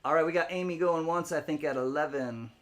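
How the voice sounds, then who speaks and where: A man with a somewhat high voice talks a little fast while hosting a live-stream coin auction. He calls bids, greets viewers by name, and jokes between lots, rambling, laughing often, and spelling words out letter by letter for fun.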